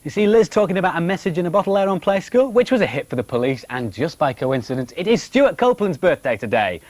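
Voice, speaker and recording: A man's voice: fairly high pitch, very animated, quick pace, a little mellow, slight background noise. A man doing TV continuity announcing, chatty and jokey as he reads out viewer birthday messages.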